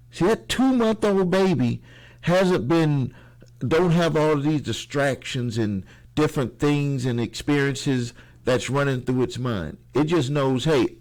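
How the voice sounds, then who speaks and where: A middle-aged man hosting a motivational channel, talking casually to camera, rambling and repeating phrases for emphasis with frequent restarts. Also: fairly high pitch.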